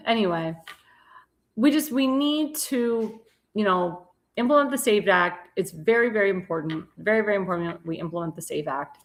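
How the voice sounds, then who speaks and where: A woman's voice: medium pitch, a bit bright. A woman hosting a political talk show, talking emphatically with many restarts and repeated words, and sounding tired. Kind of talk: political commentary monologue.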